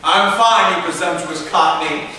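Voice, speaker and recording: A young actor playing an imperious, acerbic celebrity critic on a live stage, snapping orders sardonically, recorded in an echoey theater. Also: male voice, a little high, unhurried, sharp tone, slight background noise. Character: imperious acerbic male celebrity critic, wheelchair-bound host. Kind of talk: live amateur stage play. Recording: roomy hall recorded from far off.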